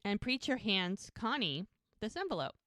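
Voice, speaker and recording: This woman has a mid-range voice and a moderate pace, captured in clean studio sound without echo. During a casual podcast recap she co-hosts, she narrates scenes from a show and mimics the characters in animated voices.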